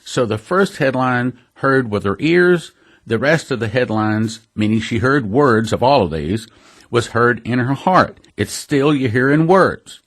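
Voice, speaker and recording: Middle-aged man, radio preacher, earnest, emphatic, slows on key words, mid-pitched voice. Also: lively intonation, fairly bright tone. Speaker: radio prophecy ministry host. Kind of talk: radio sermon commentary.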